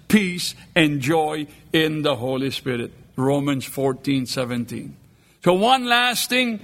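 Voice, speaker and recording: A man preaching a sermon in a slow, deliberate cadence. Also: high voice, bright, forceful tone.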